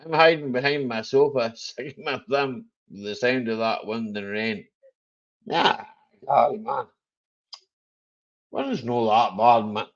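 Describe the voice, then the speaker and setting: A man's voice: medium pitch, animated, a little slow, vocal fry, pauses often. Male stream host, easygoing drawl, rambling jokes, muffled home-stream sound. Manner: jokey and rambling, chuckling often. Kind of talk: casual live chat.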